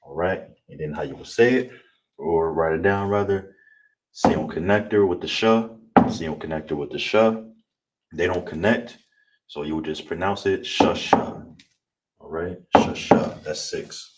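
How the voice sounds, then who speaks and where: Low-voiced male teacher running an online class, far from the mic with steady background noise. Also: measured pace. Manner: repeats words, frequent "all right?". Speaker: language teacher.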